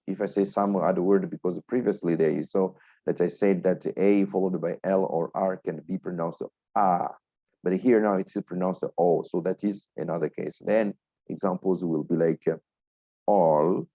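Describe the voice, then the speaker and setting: A man's voice: low voice, warm tone, no room sound. A man teaching pronunciation, repeating each example word several times with fillers and self-corrections. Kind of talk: slow explanatory lesson with example words. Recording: dull dry lo-fi recording.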